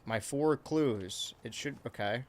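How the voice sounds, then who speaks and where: A man's voice: mid-range voice, takes it slowly. Rambling, swearing male game streamer. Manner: rambling, swears freely, reads chat aloud. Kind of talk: casual let's-play commentary.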